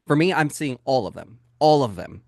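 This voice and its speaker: Casting a male sales coach hosting a webinar: punchy, direct-address delivery in a dry, close recording at mid pitch. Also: normal speed, gravelly, no room sound. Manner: energetic and emphatic, talks straight to the audience. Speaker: real estate sales coach. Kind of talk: live training webinar.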